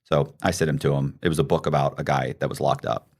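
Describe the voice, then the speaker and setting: A man, a podcast host, telling a story in casual chat, excitable and profane with frequent restarts. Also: rumbling low, fast talker, gravelly.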